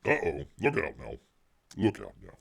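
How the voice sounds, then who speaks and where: Middle-aged male stream host, deep voice swinging widely in pitch, sarcastic and rambling. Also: huge pitch swings, normal speed, vocal fry, a bit bright, breathy edge. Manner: sarcastic, refers to himself in third person; rambling with many fillers and restarts. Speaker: livestream host. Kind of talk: casual livestream chat.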